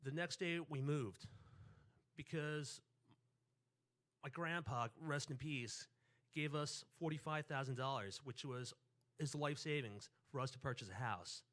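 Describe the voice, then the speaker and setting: A man's voice: medium pitch, unhurried, long pauses. A man, telling a personal story on stage and acting out family voices. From New York. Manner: animated, acts out quotes and family voices.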